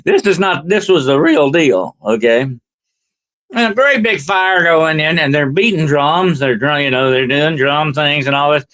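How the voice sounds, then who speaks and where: Lively older man telling a story. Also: on the high side, a little slow, poor audio. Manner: rambling, checks in with frequent "okay?" and "you know". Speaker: paranormal investigator guest. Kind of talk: conversational storytelling.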